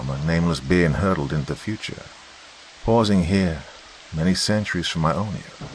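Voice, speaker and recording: Male reader doing a haughty, unnerved man from the past, low voice, odd accent, storybook reading. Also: a bit bright, a little hiss or hum, low-quality recording. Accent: odd, unfamiliar accent. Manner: imperious, distraught.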